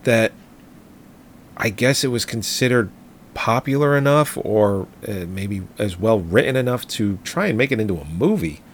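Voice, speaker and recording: Co-host, man, deep-ish voice, meandering plot recaps. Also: animated, moderate pace, slight background noise. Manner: rambling, hesitant, many fillers. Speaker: podcast co-host. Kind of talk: casual film discussion.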